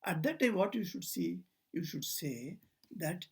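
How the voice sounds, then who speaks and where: Older male monk speaker, high husky voice, story-led spiritual talk, acts out the dialogue. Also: sing-song, a little slow. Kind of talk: informal spiritual talk with stories. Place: talk at a society house, indoors.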